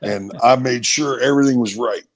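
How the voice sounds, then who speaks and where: A middle-aged man from Maryland, USA, once a college football player, tells stories casually at a brisk clip in a medium-pitched voice. He's an animated storyteller who acts out other people's voices.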